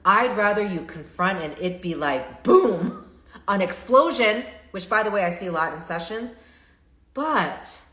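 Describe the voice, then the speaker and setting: A woman therapist hosting a live stream, talking in an animated, chatty way and often stopping to restart her sentences. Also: lowish voice, moderate pace. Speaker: therapist and show host. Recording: roomy echo.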